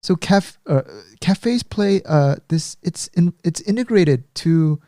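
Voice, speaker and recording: A man from Korea co-hosting a podcast, talking in a relaxed, teasing way and often trailing off mid-sentence. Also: sits high, takes it slowly, dry recording, studio quality. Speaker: podcast co-host. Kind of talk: casual chat.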